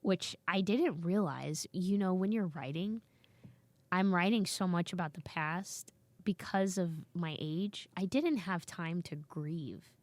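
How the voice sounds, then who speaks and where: Appearing as a podcast guest, this thirtysomething woman comedian speaks slowly in a slightly low voice, animatedly acting out quoted voices as she tells casual stories. The sound is close and dry without any room echo.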